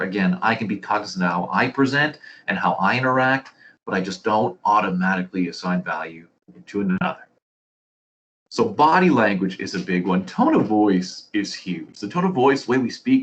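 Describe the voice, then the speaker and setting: A man's voice: fairly low pitch, a bit bright, dull audio, slight background noise. A man leading a staff training session, explaining with anecdotes and rhetorical questions in an earnest manner. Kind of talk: presenting a staff training talk.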